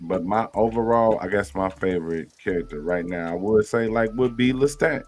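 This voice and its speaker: A man guesting on a casual live-stream chat, speaking haltingly with restarts and fillers. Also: on the low side, a little mellow. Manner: halting, starts over, many fillers.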